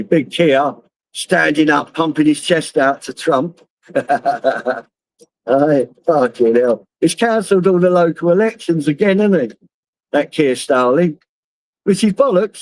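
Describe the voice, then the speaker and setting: A middle-aged London streamer, voice a little high, chats on his phone to viewers while driving, rambling, swearing freely and laughing at his own stories. The recording is rough, with no echo.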